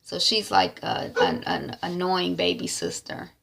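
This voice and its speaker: Woman, chatty episode recap, gravelly fry, bright tone. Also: fairly low pitch, measured pace. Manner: chatty, animated storytelling. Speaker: TV series reviewer.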